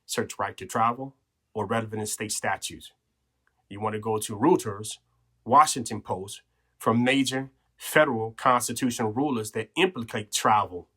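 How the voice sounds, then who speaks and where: A man's voice: lowish voice, normal speed, bright, forceful tone, slightly rough. A man hosting a podcast, explaining legal rights in an earnest coaching way, checking in with "okay?" and "right?", a little out of breath. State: slightly out of breath. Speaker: podcast host. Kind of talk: instructional talk on legal rights.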